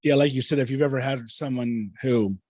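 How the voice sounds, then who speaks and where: A man's voice: mid-range voice, fairly even intonation, a little fast, darkish tone, no room sound. A man hosting a casual podcast, asking long, hesitant questions full of fillers. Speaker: podcast host.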